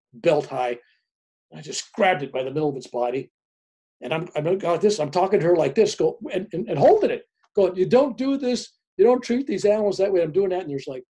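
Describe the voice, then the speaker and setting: A man in his seventies talks as a guest in a relaxed, animated storytelling manner, with frequent chuckles. His voice sits a little high, with a mellow, husky warmth. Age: 70s. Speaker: guest, spiritual author. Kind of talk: casual storytelling.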